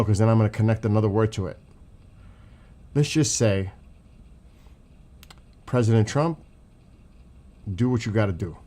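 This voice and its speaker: A man from New York with the accent to match, livestreaming political commentary straight to his chat. He rants with raw emotion and frequent swearing, sounding fired up and blunt. His voice sits at an everyday middle pitch for a man. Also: a little mellow. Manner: angry, profane, emotional ranting. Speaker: livestream host.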